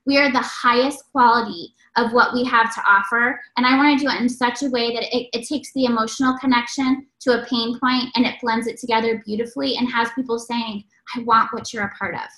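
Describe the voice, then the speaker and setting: High, bright-voiced woman giving a pep talk. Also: brisk, hardly any pauses, echoey room, poor audio. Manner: energetic, preachy, exclamatory. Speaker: network marketing speaker. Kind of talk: motivational stage talk.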